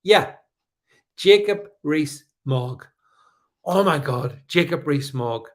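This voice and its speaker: A man's voice: a little high, expressive, slow. Combative man hosting a livestream. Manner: combative, sarcastic, with frequent fillers and restarts. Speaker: livestream host. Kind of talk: live-stream commentary reading viewer comments.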